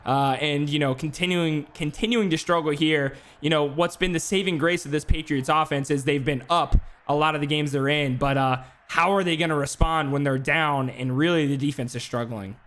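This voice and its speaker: A man calling play-by-play for a simulated football game on a live stream, talking fast between plays with casual asides. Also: a little high, fairly even intonation, fairly bright tone. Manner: rapid play-by-play, filler-heavy asides. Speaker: play-by-play commentator. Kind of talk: esports sim football commentary.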